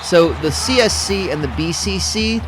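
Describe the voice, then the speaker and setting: A man's voice: sits high, animated, moderate pace, background noise. Dry rambling male play-by-play caller. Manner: rambling, self-correcting, dry humor. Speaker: play-by-play commentator. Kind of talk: simulated game commentary over a stream.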